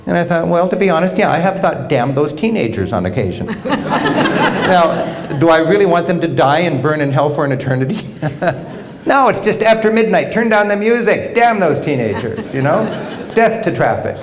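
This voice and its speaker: Animated man giving a travel lecture. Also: fairly high pitch, normal speed, background noise. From United States. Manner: animated storytelling with humor. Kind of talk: public lecture. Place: lecture hall with audience.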